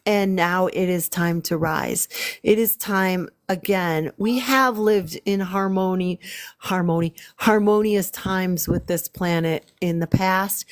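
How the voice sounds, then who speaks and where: A woman talking casually on a spiritual livestream as an artist and healer, meandering and repeating phrases with frequent ums. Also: lowish voice.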